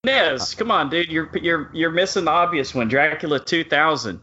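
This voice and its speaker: Podcast cohost guy, jokey banter, voice bounces around a lot, a bit high, dull mic. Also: moderate pace. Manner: joking, animated banter. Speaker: podcast co-host. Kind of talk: casual chat.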